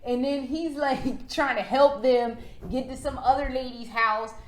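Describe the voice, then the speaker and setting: A woman's voice: sits high, measured pace. Sarcastic, profane woman game vlogger. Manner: sarcastic and profane, with frequent laughs. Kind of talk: casual unscripted rant. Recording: roomy echo.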